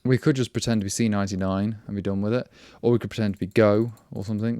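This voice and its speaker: A man's voice: on the low side, lively intonation, fast, hardly any pauses, warm tone, no room sound. A man hosting a casual programming livestream, rambling and wry, often breaking off mid-word and restarting. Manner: rambling, self-interrupting, wry. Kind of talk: casual live coding chat.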